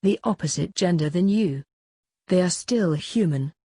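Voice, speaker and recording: A woman's voice: on the low side, lively intonation, measured pace, mellow, husky, no echo, clean studio sound. A woman reading a stuttering shy new student. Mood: nervous. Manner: stuttering, timid. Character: young adult male new student, nervous and stuttering. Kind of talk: amateur audiobook reading.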